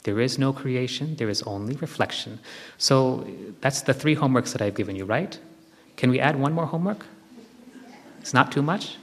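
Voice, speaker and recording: A man gives a spiritual teaching to a live group, speaking in an ordinary mid-range voice. He instructs gently and circles back to repeat his key phrases. The sound carries the long reverb of a large hall. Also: mid-range voice, lively intonation, normal speed.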